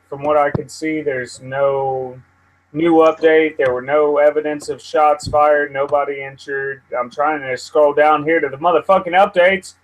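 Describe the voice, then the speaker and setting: Fairly high-pitched, a man hosts a laid-back live news stream, rambling, easily irritated and profane as he vents at his computer. Poor audio carries a slight hiss or hum.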